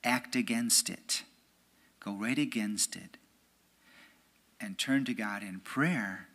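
A priest, an American man, giving a conversational homily in church. He keeps checking in with "right?" and sometimes drops to a hushed, near-whispered voice. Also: lowish voice, slow. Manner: conversational, often asks "right?". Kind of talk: homily at a prayer meeting.

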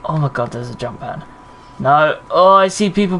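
Guy streaming a shooter, bit high voice, chats w viewers, swears when he's in trouble, faint hum behind. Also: normal speed, a bit bright, low-quality recording. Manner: chatty, swears when under pressure, answers chat. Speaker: gaming streamer. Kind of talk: live gameplay commentary.

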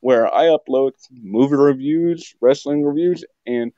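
A man's voice: mid-range voice, a little slow, dark tone, no echo. A young man from West Virginia, a podcast guest, chatting casually with joking, rambling asides. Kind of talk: casual chat. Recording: dull lo-fi dry sound.

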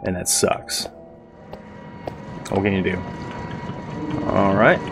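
A man giving casual, profane let's-play commentary with a rough-sounding voice, rambling and sarcastic. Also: low-pitched, fairly even intonation, takes it slowly, over music. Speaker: gaming video host.

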